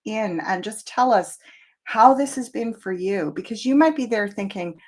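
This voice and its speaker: A woman's voice: mid-range voice, lively intonation, a little slow. A middle-aged woman hosting a live tarot show, talking in a chatty, reflective way with plenty of fillers. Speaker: tarot reader.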